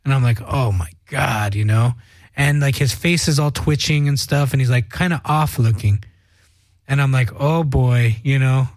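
A man's voice: mid-range voice, moderate pace, darkish tone, no echo. A young man co-hosting a casual podcast, telling a story in a rambling, heavily profane way. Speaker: podcast co-host. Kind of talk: casual chat.

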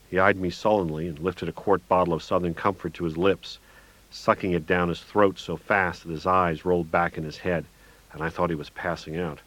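A man's voice: low voice, fairly even intonation, fairly quick, a bit bright. A man narrating an audiobook in a wry, gritty storytelling manner, in a dull, lo-fi recording.

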